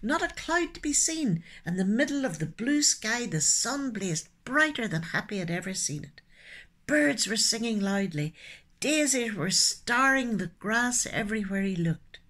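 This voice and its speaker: A woman telling children's stories expressively, dropping into soft hushed asides. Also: on the high side, lively intonation, measured pace. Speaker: storyteller and poet. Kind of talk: children's storytelling.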